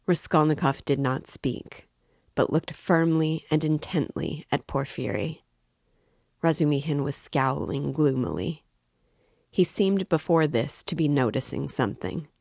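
A woman reading a classic novel aloud as an audiobook in a measured, even way. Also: sits low, creaky, dry recording, clean studio sound. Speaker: audiobook reader. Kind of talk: literary audiobook narration.

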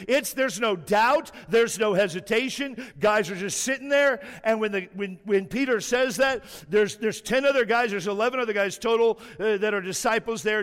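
High-voiced preacher in a reverberant hall. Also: male voice. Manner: animated storytelling, slows down hard for emphasis. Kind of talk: sermon.

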